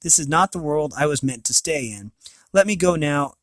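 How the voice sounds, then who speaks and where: Solemn unicorn, calm, resigned, formal speech, storybook creature, read by a man. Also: on the high side, moderate pace, no room sound, close to an everyday voice. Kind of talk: reading a novel aloud.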